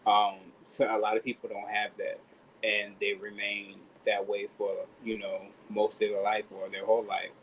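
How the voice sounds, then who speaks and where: A man's voice: lowish voice, monotone, moderate pace, a bit bright, a little hiss or hum, rough recording. A man in casual livestream chat, earnest and rambling, with loose slang and fillers.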